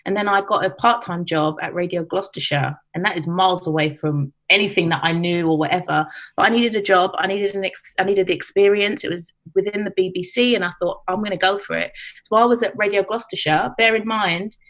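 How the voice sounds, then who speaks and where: A woman's voice: medium pitch, a little fast. A woman radio producer guesting on a chat podcast, talking directly and repeating key words for emphasis. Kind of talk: casual chat.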